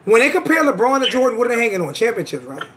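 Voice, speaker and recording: Forty-something guy hosting a sports trash talk show, high pitched, shouty, repeats his points. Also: sing-song, very fast, noisy background. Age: 40s. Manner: argumentative, loud, repeats himself for emphasis. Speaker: host.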